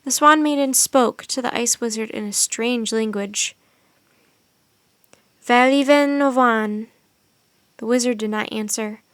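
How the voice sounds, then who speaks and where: A woman narrates a storybook at normal speed with few pauses, sounding steady and expressive. Her voice sits somewhat high, and the recording is dry and intimate, with no echo or room sound.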